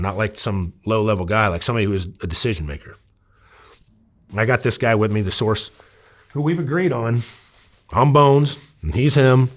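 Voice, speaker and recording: A man from Iowa, a former undercover officer, telling stories casually in an interview, rambling with many fillers and acting out quoted dialogue. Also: on the low side. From Iowa, USA.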